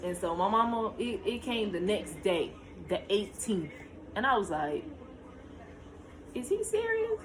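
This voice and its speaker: A woman's voice: moderate pace, noisy background. Young woman telling a storytime. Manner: animated, pitch jumps high when reliving tense moments; talks to viewers directly, shushing her child between lines. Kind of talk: casual storytime to camera.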